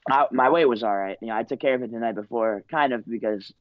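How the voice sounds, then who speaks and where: A man's voice: mid-range voice, fast talker, dry recording, highs cut off. A young man in his twenties, a wrestler being interviewed, telling his story in a laid-back, rambling way full of fillers. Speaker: wrestler guest.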